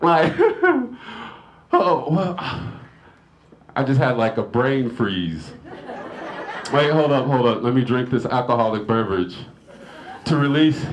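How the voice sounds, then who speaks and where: A man doing a stand-up comedy set at a lodge, telling family stories, acting out the people in them with shouts and laughing at his own jokes. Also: mid-range voice, takes it slowly, pauses often. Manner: animated storytelling, acting out family members in shouted bits. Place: lodge hall before a live audience.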